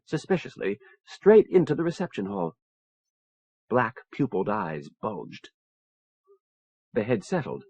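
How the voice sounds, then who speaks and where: A man reading a science fiction audiobook in measured storytelling narration, on a dull lo-fi cassette recording. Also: mid-range voice, slightly rough, no echo. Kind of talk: scripted narration.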